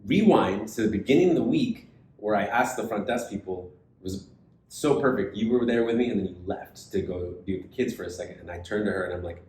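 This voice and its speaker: A man co-hosting a podcast, retelling a story in casual chat and acting out the other people's lines. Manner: animated retelling, acts out quoted voices. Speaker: podcast co-host. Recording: echoey room with faint rumble.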